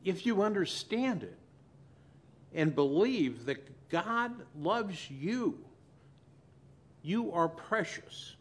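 A man preaching a sermon as pastor, swinging between loud emphasis and quiet, soft asides. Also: high-pitched, sing-song, drawn-out words, long pauses.

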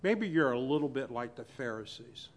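A male pastor preaching a sermon to his church. He pauses dramatically and swings between loud and hushed delivery. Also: medium pitch, animated, a little hiss or hum.

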